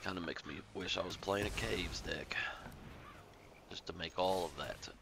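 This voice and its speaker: A man's voice: low-pitched, normal speed, gravelly, heavy background noise. A man casually commentating his card game with joking, rambling asides. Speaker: gameplay commentator. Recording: game music playing behind.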